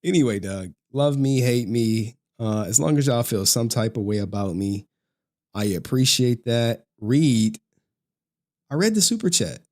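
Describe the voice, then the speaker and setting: A man's voice: medium pitch, animated, unhurried, a little mellow. A young man ranting on a livestream, profane and mocking, often breaking into laughter. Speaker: streamer. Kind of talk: livestream rant.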